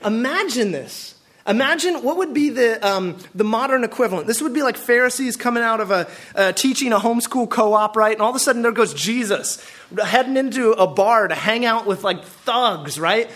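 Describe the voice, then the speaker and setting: High-voiced man preaching animatedly. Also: moderate pace. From Pacific Northwest of the US. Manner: animated, full of rhetorical questions. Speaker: pastor. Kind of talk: sermon.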